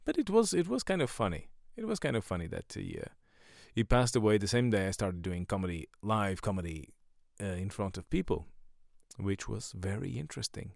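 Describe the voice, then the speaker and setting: Comedian guy rambling on his podcast, swears a lot, pitch jumps all over, dry close sound. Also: very animated, brisk, creaky, no echo. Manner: rambling, profane, self-mocking jokes. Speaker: stand-up comedian and podcast host. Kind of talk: casual podcast monologue.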